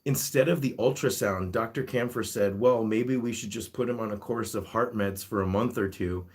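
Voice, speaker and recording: A man's voice: lowish voice, normal speed. Man chatting casually on a live stream. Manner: chatty, reads comments aloud, talks to his pets. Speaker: guinea pig rescuer hosting a live chat.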